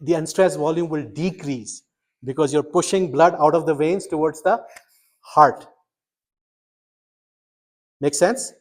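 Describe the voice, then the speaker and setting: Animated man lecturing a medical class. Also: fairly high pitch, a little slow, long pauses. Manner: quizzing students, animated and emphatic. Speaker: medical school instructor.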